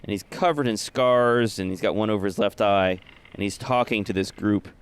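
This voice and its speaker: A man narrating as game master in a tabletop game, with halting delivery full of filler sounds. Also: lowish voice, clean tone.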